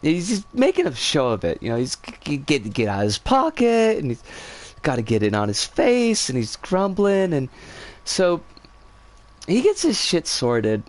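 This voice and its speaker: A woman streamer casually telling a story, animated and swearing freely. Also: low-pitched, moderate pace.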